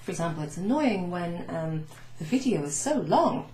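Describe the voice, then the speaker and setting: A woman French teacher recapping a beginners' lesson, chatty, saying French phrases slowly with teacherly emphasis. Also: lowish voice, big pitch swings, darkish tone. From Wales. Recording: echoey room with faint noise.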